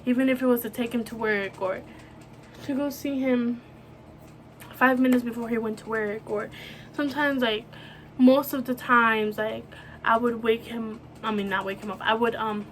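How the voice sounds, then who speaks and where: A young woman telling a personal story on her vlog, emotional and halting, with many restarts and filler words. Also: fairly high pitch, fairly even intonation, fairly bright tone, a little hiss or hum. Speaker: vlogger.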